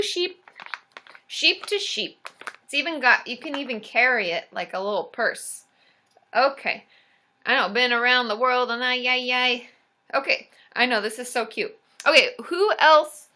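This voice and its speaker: Cheerful livestream host, woman, high and bouncy voice, chatty and excitable. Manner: bubbly and excitable, cheering and giggling often. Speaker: therapist hosting a live stream. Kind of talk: casual livestream chat reading viewer comments.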